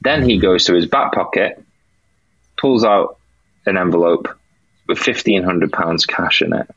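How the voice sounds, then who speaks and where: Low-voiced British man telling his story. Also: animated, unhurried, fairly bright tone, husky, dry recording. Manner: earnest, acts out remembered dialogue. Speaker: podcast guest. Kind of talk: faith testimony storytelling. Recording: dull lo-fi dry sound.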